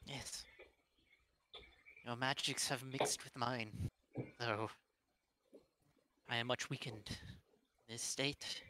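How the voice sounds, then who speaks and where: A man voicing a gentle, sorrowful fey woman who speaks softly and tenderly, at times in a whisper. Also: mid-range voice, steady tone, very slow, long pauses, slight background noise. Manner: soft, tender, sometimes whispered.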